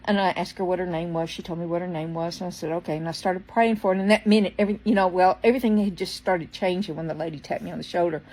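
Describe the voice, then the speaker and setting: Her voice sits on the low side with fairly even intonation as this storyteller vlogger races through a personal story with few pauses. She rambles with restarts and fillers, coughs occasionally from a throat tickle, voices the people she quotes differently, and hushes soft lines. The audio is poor.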